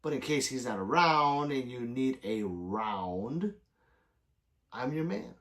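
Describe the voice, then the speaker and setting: A man's voice: mid-range voice, expressive, takes it slowly, a bit bright. Rambling, swearing male livestream host. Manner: loose and rambling, swears often, answers chat by name. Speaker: livestream host reading chat. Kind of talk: casual late-night livestream chat.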